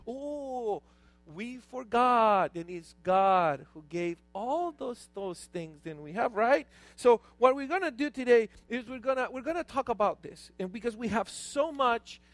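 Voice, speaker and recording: A man, a pastor, preaching a lively sermon with stories and call-outs to the congregation. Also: extremely high pitch, unhurried, few pauses, no echo, soft background music.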